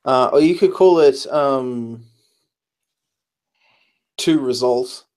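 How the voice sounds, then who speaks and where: A man's voice: medium pitch, slow pace, a little mellow. Tired man explaining code, full of ums. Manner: explanatory, hesitant with many fillers, tired. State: tired, late at night. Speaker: programmer giving advice. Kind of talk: casual pair-programming chat.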